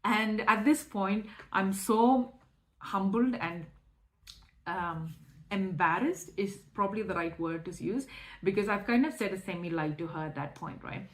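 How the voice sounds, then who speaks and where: Woman, young adult, personal testimony, candid emotional storytelling, middle pitch. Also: unhurried. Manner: candid, emotional, with restarts and filler words. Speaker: testimony speaker.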